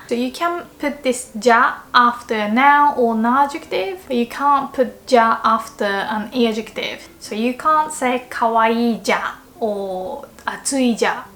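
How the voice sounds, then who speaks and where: A woman's voice: a little high, a bit bright. A woman teaching a casual video language lesson, explaining chattily, often checking in with "right?" and acting out short example phrases.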